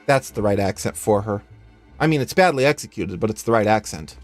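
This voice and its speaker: A man's voice: on the low side, lively intonation, a little fast, soft background music. A man giving casual, joking commentary while playing a video game. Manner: playful, joking asides. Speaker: let's play host.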